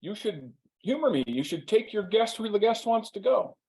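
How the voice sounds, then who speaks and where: A man doing a stubborn outdoorsy guy, indignant and insistent, his voice jumping well above its usual pitch. He argues his point with pushy certainty, as a storyteller puts him on. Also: very animated, normal speed, a little mellow.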